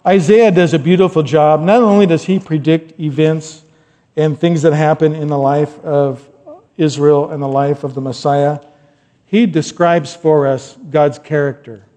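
A middle-aged man preaching a sermon in a relaxed, conversational way, with rambling asides and bursts of loud emphasis. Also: a little high, measured pace. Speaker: pastor. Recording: long hall reverb.

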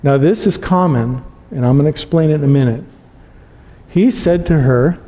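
A pastor preaching a sermon, telling stories earnestly and building to emphatic peaks. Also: male voice, fairly high pitch, moderate pace, mellow. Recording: long reverb of a large hall.

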